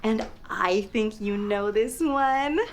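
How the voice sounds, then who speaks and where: Bubbly, slow sing-song woman for toddlers. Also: fairly high pitch, a little hiss or hum. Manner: exaggerated, playful, lots of laughs and gasps; spells words letter by letter, very slowly. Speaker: children's educational host.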